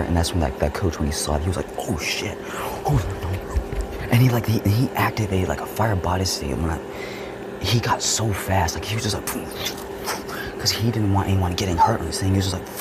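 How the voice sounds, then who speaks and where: A man casually telling a story from his school years, acting out the voices and swinging from whispers to shouts. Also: low voice, very noisy. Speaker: vlogger.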